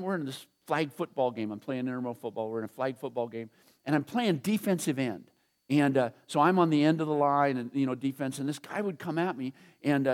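A middle-aged man preaching a sermon in a conversational, storytelling way. He chuckles often and slows down to stress his points. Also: medium pitch. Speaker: pastor.

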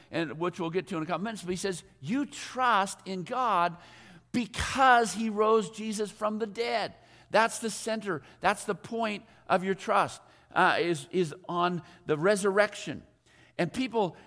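A pastor preaching a sermon, a man with a high voice. He hammers home key phrases by repeating them and puts questions to the congregation. His voice rings with the long reverb of a large hall. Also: fairly bright tone. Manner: emphatic repetition of key phrases.

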